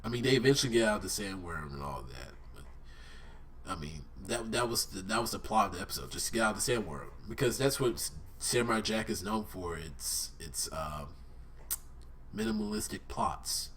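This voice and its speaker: A man with a stuffy nose, giving a casual and excited spoken review as a vlogger, rambling and correcting himself as he goes. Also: lowish voice, a little fast, distant mic, slight background noise. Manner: excited, rambling fan talk.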